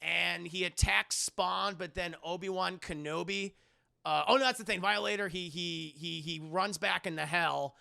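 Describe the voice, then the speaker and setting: A man's voice: sits high, normal speed, vocal fry, pushed and bright, clear, resonant tone. A man reviewing a film on stream, recapping its plot for his chat in a profane, jokey way and acting out the characters. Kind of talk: casual spoiler recap.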